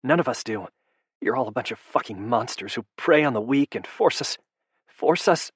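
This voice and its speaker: A man voicing a furious young captive woman with a raspy, shrill voice in an audiobook. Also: brisk, a bit bright, no room sound, studio quality. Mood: furious sobbing. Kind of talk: audiobook narration.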